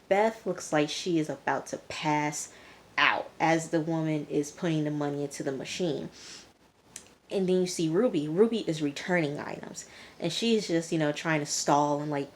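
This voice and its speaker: A woman's voice: sits low, darkish tone, slight background noise. A young woman casually recapping a TV episode, with a chatty delivery full of "um" and "you know". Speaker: TV reviewer.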